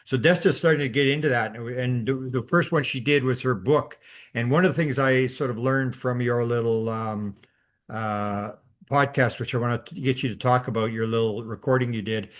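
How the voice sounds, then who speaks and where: A man's voice: medium pitch, steady tone, moderate pace. A man hosting an interview, talking casually with many hesitations and fillers. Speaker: host.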